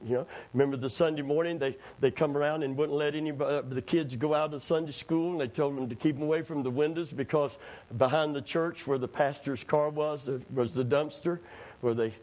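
Preaching in a church, a middle-aged pastor delivers a storytelling sermon, animatedly acting out quoted voices and laughing at his own stories. His pitch is fairly high and his pace brisk.

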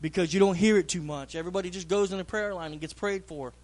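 A man delivers a fervent sermon in a church. His voice sits high for a man. He hammers key lines by saying them twice. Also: quick pace. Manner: fervent, repeats phrases for emphasis. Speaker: preacher.

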